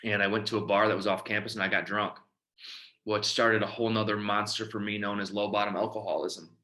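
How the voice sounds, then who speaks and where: Bright-voiced man telling his recovery story. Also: on the low side, level tone, a little fast. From Michigan. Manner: storytelling, acts out quoted dialogue. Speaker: recovery speaker. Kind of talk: personal testimony talk.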